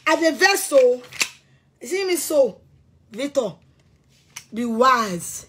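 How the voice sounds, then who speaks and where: High-voiced angry Nigerian woman ranting. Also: animated, slow pace, a bit bright, breathy edge. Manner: heated, threatening, repeats herself. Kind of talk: angry rant to camera.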